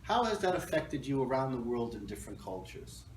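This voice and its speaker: Casual guy host, joking around and rambling, sounds a few feet off the mic in a roomy space with some faint hiss. middle pitched, easygoing. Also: sing-song, a little fast. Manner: joking, rambling, laughs often. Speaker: talk show host. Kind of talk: casual livestream chat. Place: arts center room. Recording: echoey room, mic at a distance, faint noise.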